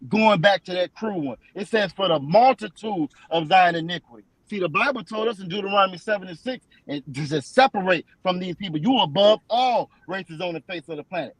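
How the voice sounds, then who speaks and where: A man teaching from scripture in a preaching style, emphatic and repetitive, slowing down to read verses aloud. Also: high-pitched, lively intonation, fairly bright tone, dry recording, low-quality recording. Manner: emphatic and repetitive, restates lines for stress; slows down when reading verses aloud.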